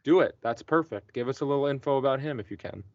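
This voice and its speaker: A man's voice: medium pitch, quick pace. A man teaching a student one-on-one, patient and encouraging, checking in with the student often. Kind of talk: one-on-one tutoring session. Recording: dull dry lo-fi recording.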